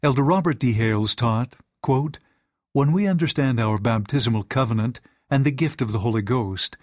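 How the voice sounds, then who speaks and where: A man reading lesson material and quotations aloud in an even, measured way. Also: mid-range voice, dry recording, studio quality. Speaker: reader of a teaching manual.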